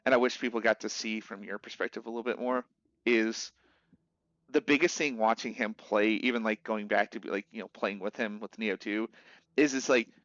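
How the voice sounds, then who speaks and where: Animated young man telling game stories. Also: lowish voice, fairly quick, dry recording. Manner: animated storyteller, acts out quotes in voices. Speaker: streamer. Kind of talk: casual chat about a video game. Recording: dull lo-fi dry mic.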